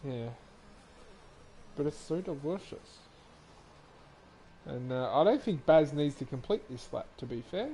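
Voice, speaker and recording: A man's voice: fairly high pitch, animated, measured pace, long pauses, dark tone, slight background noise. A man co-hosting a stream, joking and laughing often, mocking himself. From Australia. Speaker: stream co-host. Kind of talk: casual chat over racing commentary.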